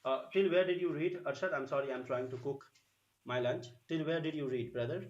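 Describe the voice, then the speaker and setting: A man's voice: on the high side, fairly quick, highs cut off. A man from the Bengal region of India with a Bengali English accent, teaching an online spoken English lesson and repeating sounds with many fillers. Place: home, cooking while teaching.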